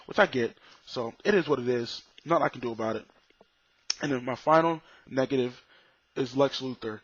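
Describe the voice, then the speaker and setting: A man's voice: mid-range voice, fairly quick, slightly rough, no room sound. Blunt, profane man reviewing a film. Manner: blunt, profane and opinionated, with restarts. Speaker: movie reviewer. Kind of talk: casual spoken movie review. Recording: dull, slightly lo-fi dry recording.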